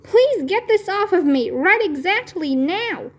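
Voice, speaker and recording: A woman voicing an excitable, bossy little first-grade girl from a children's storybook, speaking shrill, pleading and overexcited. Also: measured pace. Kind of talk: children's storybook read-aloud.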